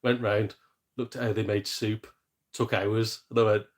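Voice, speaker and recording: A man's voice: lowish voice, flat delivery, normal speed. A man hosting a casual live game stream, chatty and self-mocking, reading out viewers' messages. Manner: chatty, jokey and self-mocking, with mild swearing. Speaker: gaming streamer.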